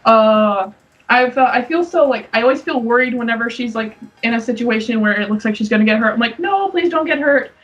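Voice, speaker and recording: A woman's voice: a little high, fairly even intonation, fairly quick, fairly bright tone, highs cut off. A young woman co-hosting a casual podcast chat, gushing and giggly, squealing when she acts out her younger self. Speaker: podcast co-host. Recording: distant mic, faint music.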